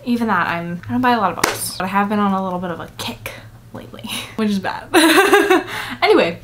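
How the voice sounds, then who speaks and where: A woman's voice: mid-range voice, big pitch swings, fairly quick, a bit bright, a little hiss or hum. Sleepy rambling young woman vlogging. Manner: rambling, filler-heavy, laughs often. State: tired from little sleep. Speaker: book vlogger. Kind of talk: casual chatty vlog. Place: apartment at home.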